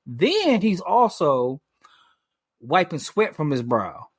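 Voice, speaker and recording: Man, casual podcast storytelling, animated, rambling with fillers, slightly high voice, dry sound. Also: slow pace, husky, no echo. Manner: animated, lots of fillers and restarts, swears freely. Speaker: podcast co-host.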